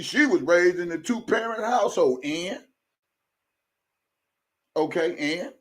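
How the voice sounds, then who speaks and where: A man's voice: high-pitched, fairly bright tone. A man hosting a live stream, ranting heatedly to his viewers in a profane, fired-up way. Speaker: livestream host. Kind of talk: live commentary rant.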